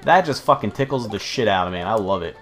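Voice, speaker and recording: A man's voice: on the low side, animated, quick pace, fairly bright tone, faint music behind. A young man rambling and swearing freely while commenting on his gameplay. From United States. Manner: rambling, profane, chatty. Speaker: let's play host.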